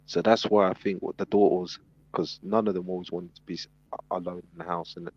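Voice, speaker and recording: Male panel guest, low husky voice, lively storyteller, muffled lo-fi sound. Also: fairly quick, dry recording. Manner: animated storyteller, acts out quotes. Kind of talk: casual storytelling. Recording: dull lo-fi sound.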